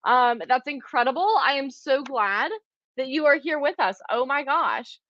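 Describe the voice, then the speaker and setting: A woman's voice: high-pitched, expressive, measured pace, a bit bright, dull audio. A chatty woman, hosting a live quilting class and greeting viewers by name. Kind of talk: live-stream chat with viewers.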